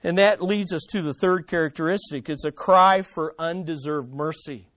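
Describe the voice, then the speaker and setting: A pastor preaching a sermon in an animated way, acting out desperate pleas. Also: medium pitch, normal speed, dry recording.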